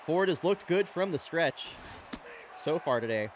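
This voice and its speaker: A man's voice: on the high side, lively intonation, unhurried, slight background noise. A man hosting and calling play-by-play for a fake baseball game, chatty and rattling off the action in a casual way. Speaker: play-by-play commentator and host.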